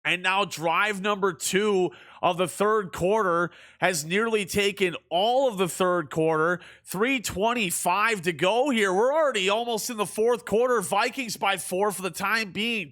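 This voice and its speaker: A young man streaming a football video game, calling the plays like a sports commentator and shouting on big plays. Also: sits high, a little slow, hardly any pauses. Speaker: streamer doing play-by-play.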